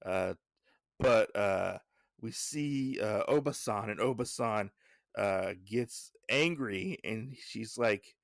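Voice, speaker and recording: Taking it slowly, this podcast host speaks low with vocal fry, in studio quality with no echo. He gives a casual, digressive recap of a comic issue, heavy on fillers and side thoughts.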